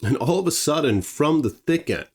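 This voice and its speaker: Male storyteller, conversational, emphatic delivery, slightly high pitch. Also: expressive, moderate pace, a little mellow, breathy edge. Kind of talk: dramatic true-story narration.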